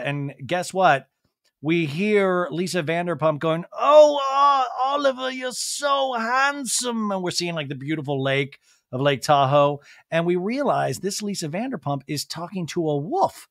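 A podcast host, a man, talks through a reality show episode for laughs. His voice sits high, and he slips into exaggerated impressions of the cast. The sound is dry and close. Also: no echo. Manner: animated, jumps into campy impressions of the cast. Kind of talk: comedic TV recap.

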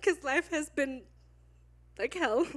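A woman around twenty, a youth leader, preaching at church, tearful and candid, halting with nervous laughs. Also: high-pitched, lively intonation, a bit bright. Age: 20s. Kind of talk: emotional sermon. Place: church sanctuary. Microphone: handheld mic.

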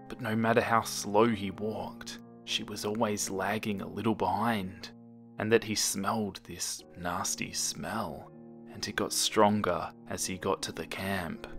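A man narrates a creepypasta horror story in a slow, hushed delivery. His voice sits low, and he lets it sink to a whisper in tense moments. Faint music plays beneath him.

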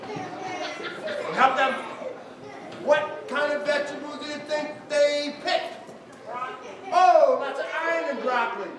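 A male storyteller with an extremely high pitch and steady tone tells a folk tale at a moderate pace, with crowd and background noise from the children listening. Captured from a distance in an echoey school hall, he draws out words for suspense and coaxes the kids into answering.

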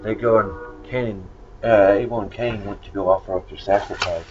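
Low-voiced guy teaching a bible lesson, slow and rambling, dull lo-fi recording with a little hiss. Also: fairly even intonation. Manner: rambling, conversational, with many fillers and acted quotes. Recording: dull lo-fi recording with faint noise.

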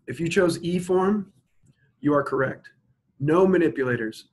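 A man teaching a logic lesson, working through examples one at a time and slowing down to spell each one out. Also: on the high side, husky, low-quality recording. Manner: explains step by step, asks students to pause and think; slows to spell out examples word by word. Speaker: instructor. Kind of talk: recorded logic lecture.

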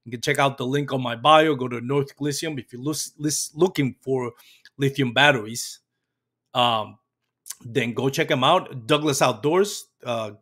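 A man's voice: mid-range voice, fairly bright tone. Laid-back male fishing show host. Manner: loose and hesitant, fillers like "um" and "uh". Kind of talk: sponsor reads and casual interview.

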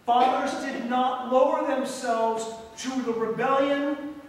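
A man with a high voice preaching in a church sanctuary, switching between reading verses and commenting on them dramatically. He is miked from a distance, so his voice rings through a long, echoey hall over a faint room hum. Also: steady tone, takes it slowly. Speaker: guest preacher. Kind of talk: sermon.

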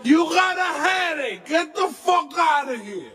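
A man's voice: very high voice, expressive, a little slow, a crowd in the background, voice pushed up. A man mockingly imitating a whiny woman with a headache, drawling and taunting, outdoors on a city sidewalk into a handheld camera.

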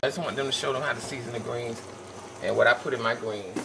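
A tired man with a medium-pitched, gravelly voice talks fast as he hosts a casual cooking demo in his home kitchen, chatting folksily to viewers as "y'all." He's a home cook running his own channel. The echoey kitchen recording is taken from a distance, with background noise.

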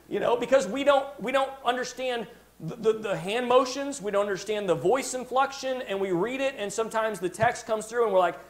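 With a high-pitched voice, a man preaches emphatically from the pulpit as pastor. He breaks off to restart phrases and checks in with the congregation by asking "Amen?"

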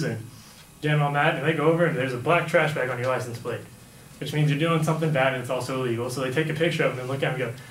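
In a voice that's a little high and a bit bright, a young man rambles casually through a story from his life, leaning on "like" and "right?". The sound is echoey, the mic distant, and a faint hum runs in the background.

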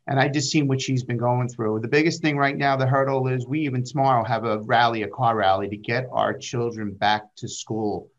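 A man's voice: medium pitch, fairly even intonation, brisk, hardly any pauses. A man, a state senator, speaking earnestly and rambling a little on a panel video call. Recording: dull lo-fi call audio.

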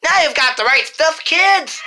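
A woman voicing a cheerful childlike toy tiger, with slow, bubbly, sing-song phrases for small children. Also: sits high, gravelly, sharp tone, slight background noise, heavily acted.

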